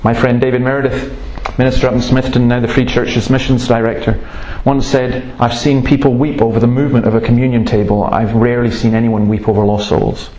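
A man's voice: mid-range voice, flat delivery, brisk, hardly any pauses, dark tone, muffled recording, a little hiss or hum. A man preaching with earnest emphasis and a mid-range voice. He leans into the points he stresses and slips into stories as he goes. The sound carries a roomy echo. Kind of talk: sermon. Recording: roomy, echoey room sound.

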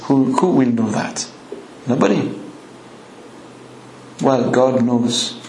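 A man's voice: mid-range voice, roomy sound, a little hiss or hum, rough recording. A man with a French accent preaching an earnest, emphatic sermon. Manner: earnest, emphatic, slow and deliberate.

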